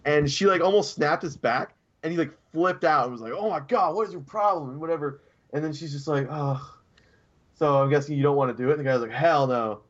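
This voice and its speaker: A man's voice: on the high side, a little fast. A man co-hosting a casual podcast chat, rambling through a story and acting out the quotes in raised voices. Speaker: podcast co-host. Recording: dull lo-fi sound.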